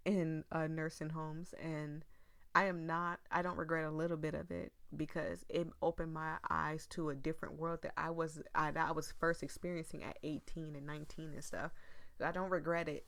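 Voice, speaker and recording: A young woman commenting casually on a game, earnest and emotional, talking straight to her viewers. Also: sits low. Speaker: gaming video creator.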